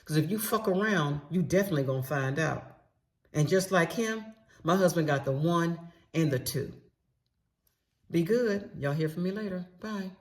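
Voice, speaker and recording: A middle-aged woman speaks at a normal pace in a fairly low, expressive voice, narrating a personal story. Her relaxed storytime monologue is candid, emphatic and full of salty slang, aimed squarely at her listeners.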